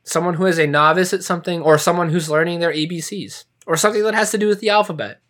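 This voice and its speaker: A man's voice: fairly high pitch, steady tone, fast, fairly bright tone. A man co-hosting a casual podcast, reading out words and definitions with playful asides. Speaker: podcast co-host.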